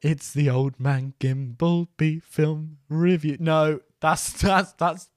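A man's voice: fairly high pitch, steady tone, slow, no room sound, studio quality. A young man co-hosting a podcast in silly, giggly banter, given to wandering puns. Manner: goofy, giggly, trails off into puns. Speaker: podcast co-host.

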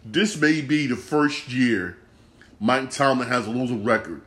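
A man's voice: mid-range voice, measured pace, a bit bright. A man hosting a sports podcast, ranting about a football loss, upset and swearing, repeating himself often. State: upset and disgusted. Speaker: podcast host. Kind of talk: casual sports rant.

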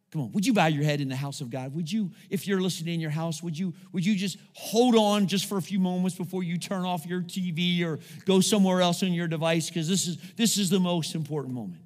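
High-voiced pastor preaching in church, lots of come on somebody, long echo, soft music under it. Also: male voice. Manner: preaching with call-outs to the congregation. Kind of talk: sermon. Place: church sanctuary.

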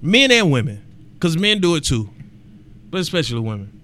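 A man hosting a podcast, ranting in a colloquial, animated way and repeating words for emphasis. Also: fairly high pitch, fairly quick. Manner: animated and emphatic, rising to loud exclamations. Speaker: podcast host. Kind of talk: casual podcast rant.

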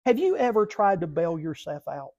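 A man preaching an impassioned sermon from a church pulpit, swinging between hushed lines and shouting. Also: on the high side, sing-song, normal speed, highs cut off. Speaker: pastor.

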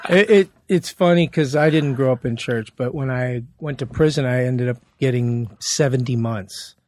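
Animated man telling his story. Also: mid-range voice, normal speed, dry recording. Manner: animated, acts out quoted dialogue; laid-back slang-heavy talk. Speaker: podcast guest. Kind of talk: casual interview storytelling.

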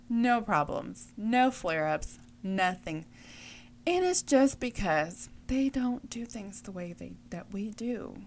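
A woman's voice: mid-range voice, darkish tone, slight background noise. Woman, 40s, from the US, vlogger, casual rambling storyteller who restarts her sentences. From United States. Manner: chatty, rambling, self-correcting.

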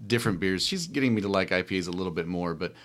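A man co-hosting a casual chat, joking and telling quick personal anecdotes. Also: low voice, expressive, fairly bright tone, slight background noise.

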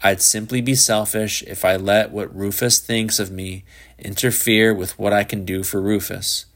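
A lower-pitched, earnest grown man who lectures with insistent, slightly preachy conviction, as a male reader puts him on. He is a self-righteous do-gooder father in a storybook reading. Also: little pitch movement, moderate pace, fairly bright tone. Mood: lecturing.

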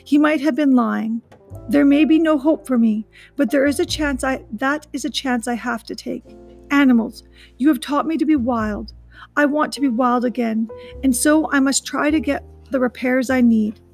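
A woman reading aloud, voicing a gentle and wise female robot who speaks in earnest, measured sentences. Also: high voice, creaky, soft background music. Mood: resolute.

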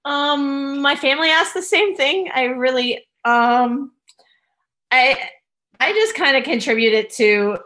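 A woman's voice: sits high, slow pace, sharp tone. A woman with a Boston-area accent, a guest telling stories in a casual interview, rambling with many ums and likes.

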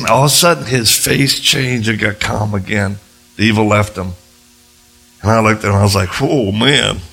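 Gravelly, husky-voiced man preaching. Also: normal speed, soft background music. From United States. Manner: animated, jumps into high voices when quoting others. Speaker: missionary preacher. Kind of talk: sermon with storytelling.

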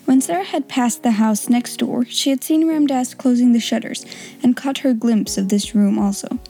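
A woman's voice: fairly high pitch, moderate pace, mellow, faint music behind. A woman hosting an audiobook podcast, chatting casually and reading a children's novel aloud. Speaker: audiobook podcast host and reader.

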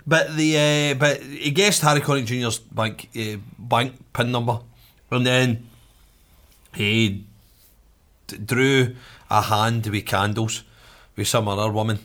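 A man's voice: mid-range voice, steady tone, measured pace, fairly bright tone. Scottish man, casual banter, emphatic sweary storyteller. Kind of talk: casual chat.

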